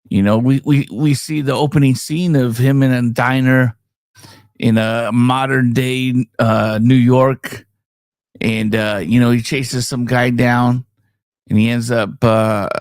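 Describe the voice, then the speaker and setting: Gravelly man chatting loosely about comics. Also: mid-range voice, no echo, studio quality. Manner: rambling, laughs often, many fillers. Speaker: podcast co-host. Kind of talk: casual chat about comics.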